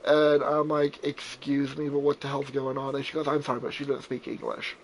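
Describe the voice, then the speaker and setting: A man's voice: medium pitch, completely flat delivery, a little fast, hardly any pauses, poor audio. A young man chatting casually while playing a survival game, rambling and repeating words, with casual swearing.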